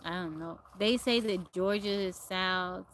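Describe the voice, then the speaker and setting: A woman's voice: lowish voice, unhurried, fairly bright tone, a little hiss or hum. A woman from Texas chatting casually on a phone livestream, laughing often and answering viewer comments. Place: outdoors in nature.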